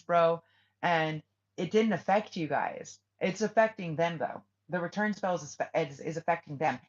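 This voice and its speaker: Blunt low-voiced woman giving a spiritual reading. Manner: blunt, swears freely, acts out quoted voices. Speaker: tarot reader. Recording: lo-fi muffled audio.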